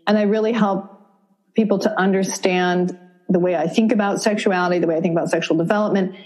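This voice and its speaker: A middle-aged woman from Vermont, a relationship counselor, explaining her ideas in a measured, thoughtful way as a guest on a podcast interview. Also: mid-range voice, steady tone, a little mellow, poor audio. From Vermont, USA.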